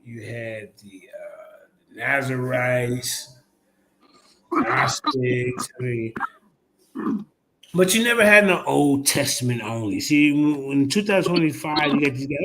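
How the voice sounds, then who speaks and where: A man hosting a casual streamed discussion, talking in an animated, slangy, emphatic way. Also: medium pitch, takes it slowly, pauses often, slight background noise. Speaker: host.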